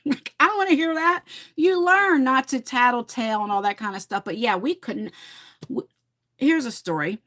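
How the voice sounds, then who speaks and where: A woman's voice: high-pitched, expressive, moderate pace, pauses often, fairly bright tone. A middle-aged woman from New Jersey hosting a livestream, chatting casually and reading out viewer comments, rambling with lots of fillers and restarts. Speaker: livestream host.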